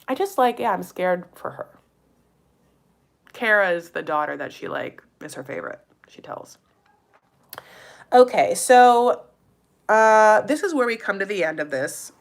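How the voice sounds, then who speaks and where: Recapping a reality show, this woman vlogger chats casually and gossipily, sprinkling in "like" and playful asides while addressing viewers as "you guys" and "honey." Her mid-range voice has lively intonation and vocal fry. She speaks a little slowly and pauses often.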